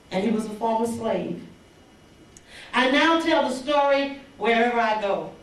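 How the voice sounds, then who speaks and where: A woman's voice: on the high side, a little hiss or hum. Older woman telling a story in an echoey hall. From Mississippi Delta. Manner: animated storyteller who acts out dialogue. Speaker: banquet speaker. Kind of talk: inspirational storytelling speech. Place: large banquet hall. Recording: echoey hall recorded from far off.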